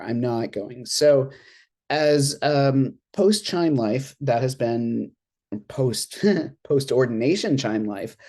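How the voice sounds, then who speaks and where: An interfaith minister speaks on a panel from home over a video call. The delivery is casual and chatty, with frequent laughs and little acted-out asides. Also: mid-range voice. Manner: chatty and expressive, laughs often, acts out reactions in quoted asides. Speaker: interfaith minister and board treasurer on an alumni panel. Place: at home in an apartment.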